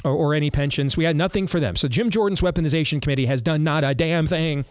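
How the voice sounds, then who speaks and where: A man's voice: on the high side, quick pace, smooth. A man hosting a political talk show, speaking bluntly and sarcastically, often restarting his sentences.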